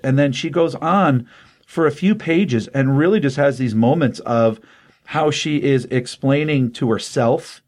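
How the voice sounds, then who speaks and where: A man's voice: medium pitch, animated, moderate pace, darkish tone. An older man casually reviewing a comic book, earnest and rambling with plenty of fillers, open about his feelings.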